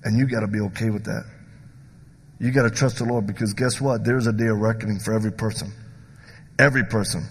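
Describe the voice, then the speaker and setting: A middle-aged evangelist with a Southern American accent tells stories in a folksy sermon, swinging from loud punchlines to hushed asides. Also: male voice, lowish voice, fairly even intonation, quick pace, pauses often, husky. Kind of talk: storytelling sermon. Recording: long reverb of a large hall.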